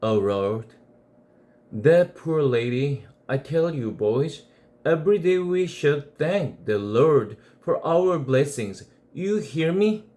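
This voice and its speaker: A man's voice: on the high side, expressive, slow, warm tone, voice pushed up. A man voicing a stern, devout woman nanny who scolds the boys in a preachy way, in a storybook read aloud. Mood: scolding.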